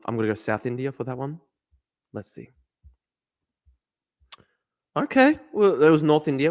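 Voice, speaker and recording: A man hosting a casual livestream, talking himself through a guessing game. He mutters asides, swears often and breaks into exasperated outbursts. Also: mid-range voice. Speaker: livestream host.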